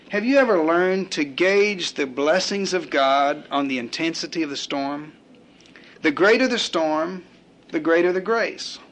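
A male preacher delivers a sermon at a slow, deliberate pace, letting pauses hang between his points. His voice sits a little higher than most men's. He builds through rhythmic repetition and acts out the prayers and complaints he quotes. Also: fairly bright tone.

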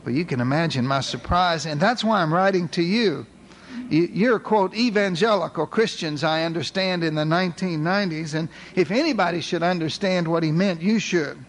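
An eager male newspaper reporter, as a preacher puts him on, talking folksy and excited in a high voice. He keeps wondering aloud in a dramatic reading. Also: moderate pace, close to an everyday voice.

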